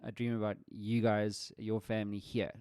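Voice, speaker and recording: A man's voice: on the low side, little pitch movement, moderate pace, a little mellow, smooth, no echo, clean studio sound. A man hosting a casual podcast chat with friends, talking reflectively with restarts. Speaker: podcast host.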